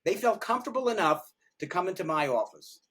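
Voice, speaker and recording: Older man rambling, slightly high voice. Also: quick pace, breathy edge. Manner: rambling and animated, with frequent repeated words and restarts. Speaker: retired pediatric dentist, podcast guest. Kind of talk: casual interview chat.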